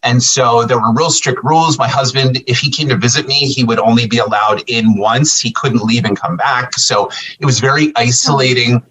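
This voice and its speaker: A man with a husky voice tells a story in a casual podcast chat. He is animated and plays out dialogue as he goes, at an average pitch. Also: normal speed, hardly any pauses, recorded from a distance, rough recording. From US Northeast. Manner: animated, acts out quoted dialogue. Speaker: podcast guest, fan.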